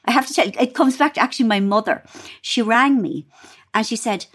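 A woman with an Irish accent chatting as a guest author, telling lively stories and laughing as she talks. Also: fairly high pitch, fairly quick, slightly rough. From Ireland. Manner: animated storyteller, laughs while talking. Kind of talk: casual chat.

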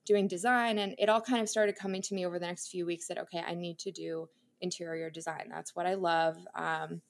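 A woman's voice: on the low side, fairly even intonation, a little fast, gravelly. Chatty young woman telling her story. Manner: chatty and candid, laughs often, lots of fillers. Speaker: interior designer and content creator, podcast guest. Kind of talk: casual interview storytelling.

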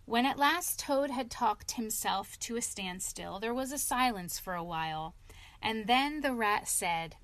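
Audiobook narrator, woman, slow measured delivery, slightly high voice, dry close sound. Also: animated, fairly bright tone, dry recording. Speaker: reader. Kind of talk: audiobook reading of a classic children's tale.

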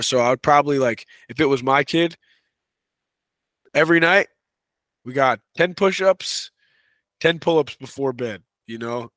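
A man talking as a wrestling coach and podcast guest in a relaxed, casual way, full of "you know" and "right.". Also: mid-range voice, unhurried, long pauses, no room sound. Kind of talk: casual conversational interview.

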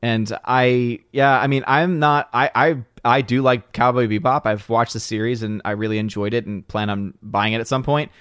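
A man's voice: medium pitch, fairly even intonation, normal speed, hardly any pauses, fairly bright tone, smooth, no echo, studio quality. A man co-hosting a casual chat, reading comments and talking with frequent restarts and fillers. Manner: hesitant, many restarts and fillers. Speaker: podcast co-host reading chat.

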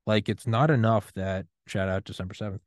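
A man's voice: lowish voice, steady tone, fairly quick, no room sound, clean studio sound. A man in his thirties hosting a solo podcast rant, profane, defiant and impassioned. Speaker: podcast host.

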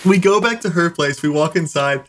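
A man's voice: fairly high pitch, a little fast. A man co-hosting a podcast, telling a long story in casual chat, full of "like" fillers. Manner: rambling storyteller, many "like" fillers. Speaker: podcast co-host.

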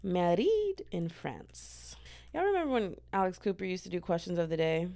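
A young woman from the States, hosting a podcast as a sassy, chatty comedic monologue with sudden loud outbursts. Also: on the low side, very animated, fast talker. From Southern United States. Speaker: podcast host.

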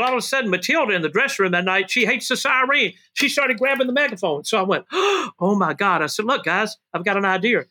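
An older man, a guest telling wrestling stories in an excitable, animated way. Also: sits high. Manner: excitable, shouts "woo", calls people baby and brother. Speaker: guest, former wrestling manager. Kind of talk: animated storytelling interview.

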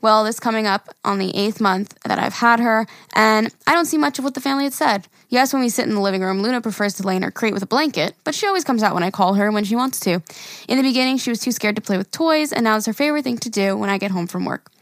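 A chatty woman podcast host reading listener messages aloud, her voice sitting a little high. She sounds close and dry on the mic, with no room around her. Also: lively intonation, fast talker, a bit bright, no echo. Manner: reads listener emails aloud, chatty and giggly. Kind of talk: casual podcast chat.

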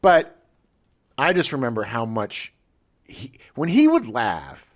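A man's voice: medium pitch, huge pitch swings, slow. A man in middle age co-hosting a casual podcast chat, playful and given to jokes. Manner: playful, breaks into exaggerated singing. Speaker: podcast co-host.

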